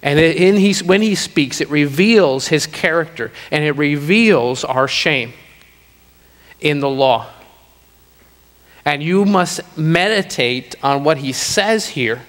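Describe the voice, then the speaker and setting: A man preaching a sermon to a congregation, slowing down to stress key lines. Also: on the high side, fairly bright tone. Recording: long reverb of a hall.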